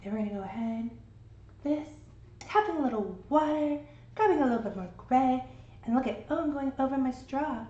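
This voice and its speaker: A woman's voice: sits high, animated, a little fast, dark tone. A woman in her forties, chatty and encouraging, giving a live painting lesson. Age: 40s. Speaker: art instructor. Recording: roomy, dull sound.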